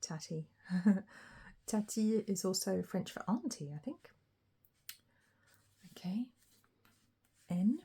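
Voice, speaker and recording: A woman's voice: mid-range voice, animated, slow pace, long pauses, dark tone, breathy edge. A woman giving a chatty, casual pick-a-card tarot reading, thinking aloud and laughing lightly as she goes. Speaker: tarot reader.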